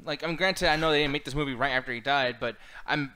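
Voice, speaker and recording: This young man co-hosts a casual chat show, swearing freely as he rants and laughing along the way. His voice is bright and sits a bit high for a man. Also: fast talker. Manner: profane, ranting, laughs often. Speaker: co-host.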